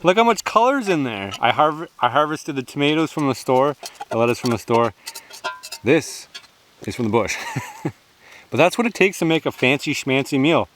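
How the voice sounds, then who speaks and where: A man's voice: mid-range voice, big pitch swings, moderate pace, a bit bright, slight background noise. A man chatting casually while cooking at an outdoor forest camp, joking and laughing often.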